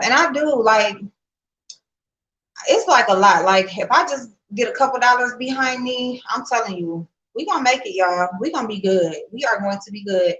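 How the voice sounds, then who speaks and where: Bright, chatty woman livestreaming. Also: fairly high pitch, animated, normal speed, dull audio. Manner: chatty, talks straight to viewers, emotional and tearful when reading good news. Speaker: vlogger. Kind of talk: casual livestream chat.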